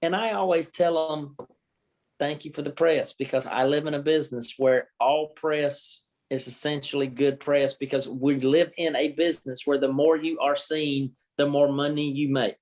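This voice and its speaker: A man with a Southern accent talks frankly as a podcast guest. His voice sits a bit higher than most men's, and he tells his stories with plenty of energy. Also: moderate pace. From Georgia, US. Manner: candid, animated storyteller. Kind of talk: casual podcast interview.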